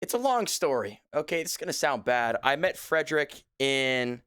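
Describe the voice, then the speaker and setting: A man's voice: medium pitch, sing-song, normal speed, a bit bright, clean tone, dry recording, clean studio sound. A young man hosting a casual livestream, joking and playfully mock-serious, talking from a few feet back from his desk mic at his home setup. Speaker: livestream host.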